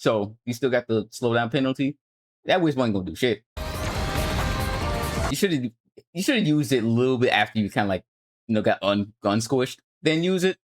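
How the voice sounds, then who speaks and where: Young guy streaming from home, chill coach vibe, mid-pitched voice, swears a bit, faint game music behind. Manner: laid-back, coaching, swears casually. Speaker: streamer reviewing gameplay footage. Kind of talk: casual commentary.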